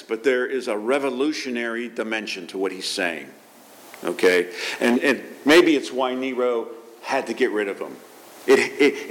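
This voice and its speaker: A male pastor delivering a sermon, talking in an animated way, asking his listeners rhetorical questions and repeating words as he builds his points. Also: medium pitch.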